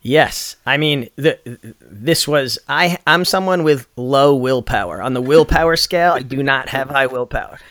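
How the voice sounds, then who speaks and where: Animated man telling stories, dry sound. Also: mid-range voice, normal speed, few pauses, no echo. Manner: animated storyteller, acts out quotes. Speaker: guest musician. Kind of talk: casual interview chat.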